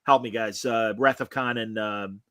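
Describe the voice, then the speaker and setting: A man's voice: on the low side, steady tone, moderate pace, fairly bright tone. A man hosting a podcast, chatting in a casual, opinionated and rambling way over a video call, full of fillers. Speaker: podcast host. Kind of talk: casual review chat.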